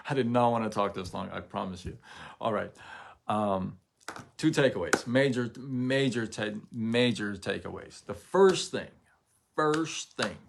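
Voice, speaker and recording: A man hosting a motivational livestream, talking earnestly and haltingly, often repeating words and checking that viewers follow him. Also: fairly low pitch, creaky, fairly bright tone, slight background noise. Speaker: livestream host. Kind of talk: emotional motivational livestream talk.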